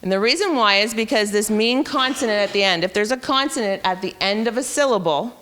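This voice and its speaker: A woman's voice: medium pitch, brisk, fairly bright tone, big-room sound. A woman teacher explaining a reading intervention program step by step at a professional development session. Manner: explanatory, talks through teaching steps.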